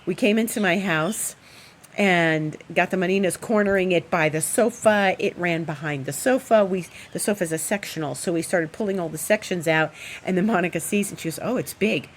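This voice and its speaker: A woman's voice: fairly low pitch, normal speed, slight background noise. Chatty woman astrologer telling a home story. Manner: animated, chatty, rambling with fillers. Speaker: astrologer host. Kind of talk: casual storytelling. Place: at home, indoors.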